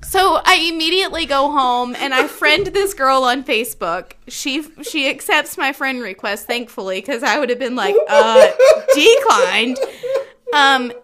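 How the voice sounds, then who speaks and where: A woman co-hosting a casual podcast chat, telling a story in an animated, self-mocking way and laughing often. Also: sits high, measured pace. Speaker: podcast co-host.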